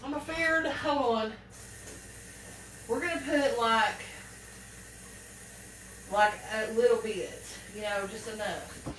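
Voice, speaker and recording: A home cooking vlogger chats in a folksy way with her viewers while cooking in her kitchen, fretting aloud as she fumbles. Her voice is a little high and slow, with frequent pauses. The distant mic picks up some hiss or hum, plus kitchen echo and clattering pans.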